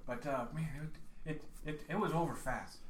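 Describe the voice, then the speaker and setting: A man's voice: on the high side, normal speed, echoey room, a little hiss or hum. A man playing a jittery, folksy superhero with laser powers who rambles and stammers in live improv comedy. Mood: nervous.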